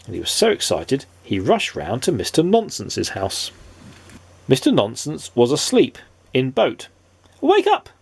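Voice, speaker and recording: A man reading a children's storybook aloud with animated, playful asides to a child listener. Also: medium pitch, unhurried, vocal fry, slightly rough.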